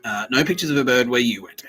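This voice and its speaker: A man hosting a comedy podcast, rambling and profane as he retells scenes and acts them out in quick voices. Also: mid-range voice, bright, forceful tone, slightly rough, poor audio. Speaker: podcast host. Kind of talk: comedic monologue.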